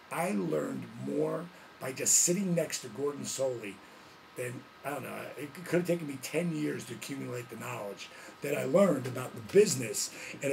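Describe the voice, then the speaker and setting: A man hosting his vlog, telling a story in a casual, animated way, full of slang and frequent laughs. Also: mid-range voice, gravelly, a little hiss or hum. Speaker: vlog host, former wrestler.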